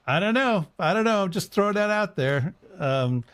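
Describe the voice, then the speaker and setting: A man's voice: high voice, animated, normal speed, fairly bright tone, clean tone. A man co-hosting a casual discussion, reading verse passages aloud with rising emphasis. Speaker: podcast co-host, priest.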